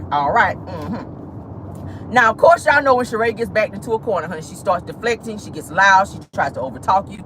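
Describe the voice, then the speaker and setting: A woman's voice: mid-range voice, a bit bright, a little hiss or hum. A woman in a car giving sassy, exclamatory celebrity gossip commentary. She often calls out to the Lord and sprinkles her talk with "honey" and "child". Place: parked car.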